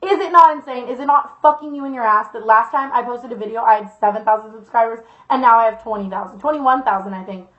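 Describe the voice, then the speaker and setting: A woman's voice: a little high, fast talker, few pauses. A young woman vlogger telling a storytime tale in a dramatic, profane way, full of fillers. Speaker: YouTuber. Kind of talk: storytime vlog. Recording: echoey lo-fi room sound.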